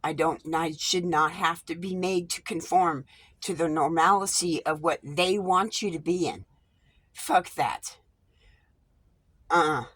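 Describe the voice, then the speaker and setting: A woman's voice: sits low, slow, a bit bright, slightly rough, no echo. A woman vlogging casually from inside a small RV, talking frankly into her camera, swearing freely and often restarting her sentences. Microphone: phone or camera with a wide-angle lens.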